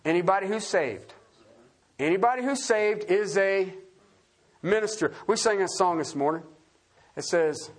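A man's voice: high-pitched, unhurried, long pauses. A man preaching an expository sermon, casual and conversational, often checking in with his listeners and spelling out words. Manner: animated and conversational, frequent "Okay?" check-ins.

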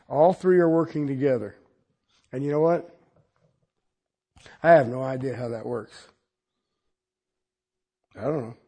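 A man preaching a sermon in a folksy, humorous way, talking straight to his listeners and swinging between loud exclamations and quiet, intimate asides. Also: medium pitch, breathy edge.

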